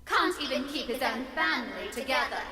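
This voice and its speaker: A woman's voice: high-pitched, sharp tone. A woman voicing a taunting female monster that mimics a friend's voice, mocking and cruel. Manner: mocking, cruel, drawn-out sneering. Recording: echoey hall, from far off, music behind.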